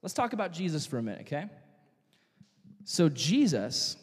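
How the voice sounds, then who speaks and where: A young man preaching a youth sermon as pastor, telling stories with animated acted-out voices. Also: a little high, moderate pace, husky. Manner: animated storytelling, acting out quoted voices. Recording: long reverb of a church hall.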